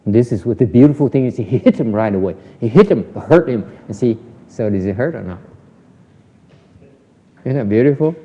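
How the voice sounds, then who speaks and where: A man's voice: medium pitch, lively intonation, normal speed, long pauses, dark tone. A man, a Buddhist teacher, giving a Dharma lecture in a temple hall, teasing and questioning his audience with lots of repetition. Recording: dull audio with hall reverb.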